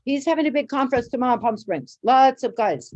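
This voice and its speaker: A woman voicing her female gynecologist, a chatty, upbeat doctor, with a Chinese accent in a pitched-up voice. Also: lively intonation, fast, a little mellow, dull audio.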